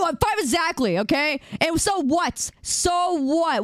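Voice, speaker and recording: A woman's voice: sits high, expressive, normal speed, hardly any pauses, no echo, studio quality. A young woman streamer chatting casually with her viewers, bantering playfully and teasing back with mock defensiveness.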